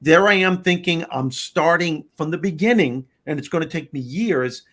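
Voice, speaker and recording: A middle-aged man, hosting a talk show and telling a personal story in an animated, conversational way. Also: a little high, normal speed. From Long Island, New York. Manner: animated, conversational, repeats words. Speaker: host.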